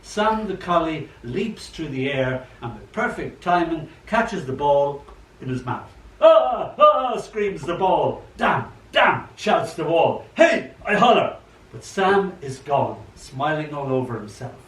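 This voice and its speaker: Older poet, echoey and distant. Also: male voice, fairly high pitch, measured pace. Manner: chatty, animated storyteller who acts out quotes. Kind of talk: poetry reading at an open mic. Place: old library room. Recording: echoey room, mic far off, faint hum.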